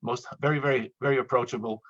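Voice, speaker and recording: Man, husky voice, rapid chatty lecture, joking asides, dull dry webinar audio. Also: mid-range voice, steady tone, a bit bright, no echo. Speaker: dentist lecturer.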